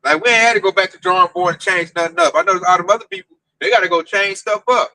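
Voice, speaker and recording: Animated street preacher, high bright voice. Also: male voice, fast talker, no echo, low-quality recording. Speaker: teacher leading a group discussion. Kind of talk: casual preaching to an online audience.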